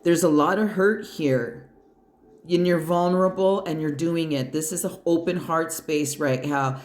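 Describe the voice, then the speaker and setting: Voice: medium pitch, fairly even intonation, measured pace. A tarot card reader giving a pick-a-pile reading. The reader talks bluntly and emphatically, swears freely and speaks straight to the listener with encouragement. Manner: encouraging, addresses the listener directly. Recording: roomy echo.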